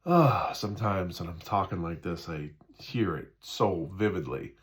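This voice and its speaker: A low-pitched, animated man talks a little slowly in a casual spiritual talk. Conversational and repetitive, he frequently asks "right?" and voices the thoughts running through people's heads.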